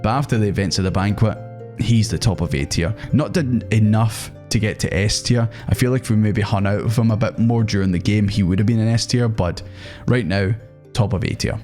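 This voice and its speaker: Young man, low voice, casual tier-list chat, sweary, animated, faint background music. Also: a little fast. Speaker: gaming video host.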